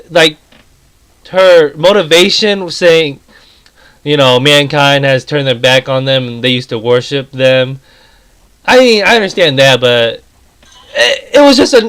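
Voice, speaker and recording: Profane, rambling man with a high voice. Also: a bit bright, low-quality recording. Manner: rambling, profane, grows heated. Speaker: movie review vlogger. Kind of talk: casual ranting film review.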